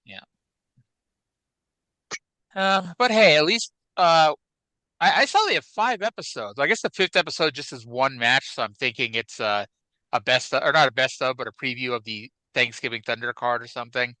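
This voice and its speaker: A man's voice: medium pitch, moderate pace, pushed and bright, dry recording, low-quality recording. A man co-hosting a wrestling podcast in a casual, rambling chat. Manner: chatty, rambling, with fillers. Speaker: podcast co-host.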